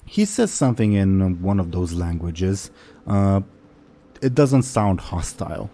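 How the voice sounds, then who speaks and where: Low, mellow-voiced male game master. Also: big pitch swings, measured pace, a little hiss or hum. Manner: narrates in third person, describing characters' actions. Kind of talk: narrating a tabletop game.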